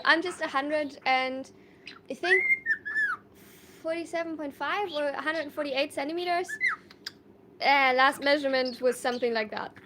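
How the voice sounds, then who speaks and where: A woman's voice: sits high, heavy background noise. A woman from Germany, a live streamer chatting casually, reading viewer comments aloud and laughing often.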